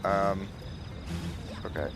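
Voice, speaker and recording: A man's voice: deep voice, steady tone, extremely slow, a bit bright. A man chatting casually and rambling through stories while playing a game live, often restarting his sentences. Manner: rambling, self-deprecating, chatty with many restarts. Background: game music.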